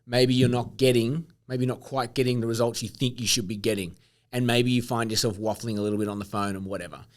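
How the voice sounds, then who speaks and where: A middle-aged man hosting a casual solo podcast, blunt and animated, swearing casually as he coaches listeners. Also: medium pitch, a little fast. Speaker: podcast host.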